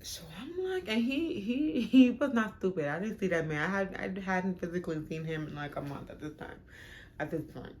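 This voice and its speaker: A young woman tells a casual storytime vlog about her relationship at normal speed. She's animated and dramatic, her voice leaping suddenly high whenever she acts out the arguments.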